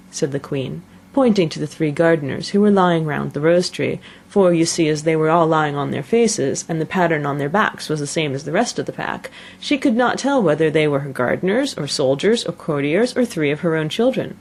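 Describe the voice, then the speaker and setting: A woman narrating a classic children's story aloud in an expressive, measured reading. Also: low-pitched, vocal fry. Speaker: audiobook narrator.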